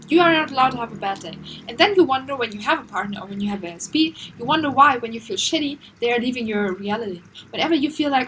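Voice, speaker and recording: Earnest higher-voiced woman giving advice. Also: lively intonation, quick pace, fairly bright tone, a little hiss or hum, rough recording. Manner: earnest, repetitive, acts out inner voices. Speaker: self-help vlogger. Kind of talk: casual advice monologue.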